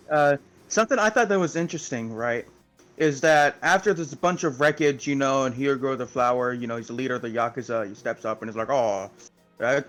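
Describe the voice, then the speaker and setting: A man's voice: medium pitch, a bit bright. A man co-hosting an anime podcast, chatting casually and rambling through a recap with many fillers. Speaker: podcast co-host. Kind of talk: casual chat.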